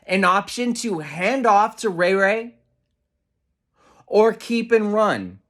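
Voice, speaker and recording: A man's voice: sits high, very animated, slow pace, fairly bright tone. A man, a sports radio host, delivering a heated, profane football rant full of exasperation.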